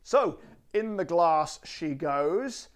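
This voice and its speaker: A theatrical man presenting a gin review, full of drawn-out emphasis. His pitch swoops up and down a great deal as he talks. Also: expressive, a little hiss or hum. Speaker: gin reviewer and channel host. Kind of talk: presenting a product review to camera.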